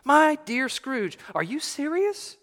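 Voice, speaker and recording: Man putting on a breathless old gentleman, high exclaiming voice, long hall reverb. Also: very animated, moderate pace. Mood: astonished. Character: astonished old gentleman collecting for charity.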